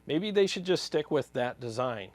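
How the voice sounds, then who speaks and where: Brief: fired-up man with a higher voice ranting bluntly in a dry-sounding room. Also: expressive, normal speed, dry recording. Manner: blunt, heated, exasperated. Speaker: guitar channel host. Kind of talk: opinion rant to camera.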